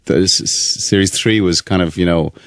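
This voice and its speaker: Deep-voiced soft-spoken man. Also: normal speed, no echo, studio quality. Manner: soft-spoken, hesitant, many restarts. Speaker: actor guest. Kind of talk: radio interview chat. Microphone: studio microphone.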